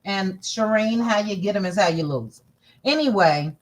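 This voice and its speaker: Scrolling through posts and musing out loud, a sassy, talkative host runs a relaxed celebrity gossip livestream. She has a mid-range voice with lively intonation at normal speed, and there's a little hiss or hum.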